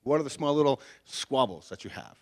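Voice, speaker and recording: Man, pastor, casual sermon, folksy humor, rhetorical questions, mid-pitched voice. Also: lively intonation, a little fast. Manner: folksy, joking, peppers talk with rhetorical questions. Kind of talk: conversational sermon. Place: chapel before a congregation.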